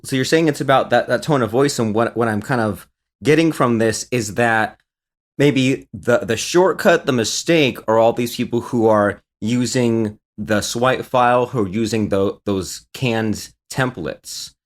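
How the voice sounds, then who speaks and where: A man's voice: mid-range voice, unhurried. A man hosting an interview, asking questions casually and rephrasing them as he thinks aloud. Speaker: podcast host.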